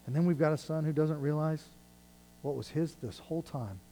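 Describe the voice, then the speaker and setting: A pastor with a fairly high, dark voice speaks at normal speed, reading Bible passages and recasting them conversationally as his intensity ebbs and builds. The audio is poor, with a little hiss or hum.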